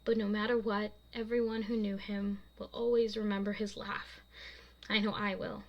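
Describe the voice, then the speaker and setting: A young woman, the author, reading her own fiction aloud in a soft, casual way and laughing at her own slips. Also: medium pitch, level tone, moderate pace, dull audio.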